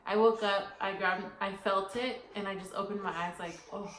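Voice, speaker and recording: Young woman, casual co-host, animated rambling storyteller; echoey room, faint hiss. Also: medium pitch, moderate pace. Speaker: podcast co-host. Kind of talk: casual chat.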